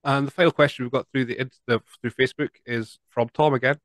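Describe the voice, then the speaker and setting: A man's voice: medium pitch, fairly even intonation, fast, a bit bright, no room sound. A man hosting an interview podcast in an easygoing way, with a sore throat. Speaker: podcast host.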